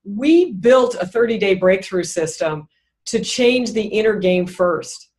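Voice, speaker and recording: Measured woman business coach. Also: mid-range voice, expressive, darkish tone. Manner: measured and explanatory, thinks aloud. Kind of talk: conversational interview answers.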